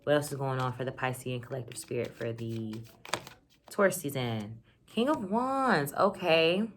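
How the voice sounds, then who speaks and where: A woman giving a casual tarot reading to camera, excited and chatty, full of slang and "like". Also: very deep voice, moderate pace, a little hiss or hum. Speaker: tarot reader.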